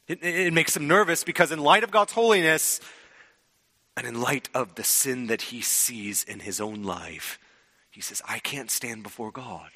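A man preaching a sermon, swinging from loud emphasis to hushed, drawn-out words. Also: mid-range voice. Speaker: pastor. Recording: long hall reverb.

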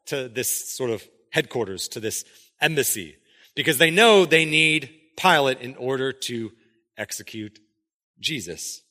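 A man with a bright, forceful voice reads scripture and preaches a sermon. He gets animated and acts out the quoted speakers. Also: mid-range voice, long reverb tail. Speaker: pastor. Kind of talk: scripture reading then sermon.

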